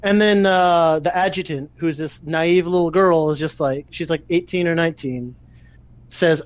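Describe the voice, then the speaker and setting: A man with a somewhat high voice, chatting on a podcast and telling a story with lots of energy and cursing. He sounds close and dry on the mic, with no room around him. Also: normal speed, no echo. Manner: animated, swearing storyteller. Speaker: podcast co-host. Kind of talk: casual chat, retelling an anime plot.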